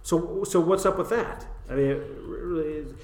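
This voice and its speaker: A man co-hosting a casual Bible discussion show, joking and laughing often, with bursts of fast talk. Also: a little high, darkish tone, roomy sound. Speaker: podcast co-host.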